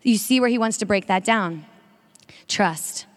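A woman giving an energetic sermon-style talk to a women's audience, drawing call-and-response. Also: mid-range voice, measured pace. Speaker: speaker at a women's faith event. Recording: long reverb of a large hall.

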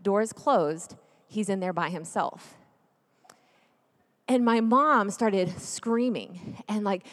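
A woman's voice: mid-range voice, takes it slowly, pauses often. A woman in her thirties telling a family story as part of a sermon, chatty and jokey, turning earnest. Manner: lively, chatty, jokey, then earnest and hushed. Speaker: speaker at a church gathering. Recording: long reverb of a large hall.

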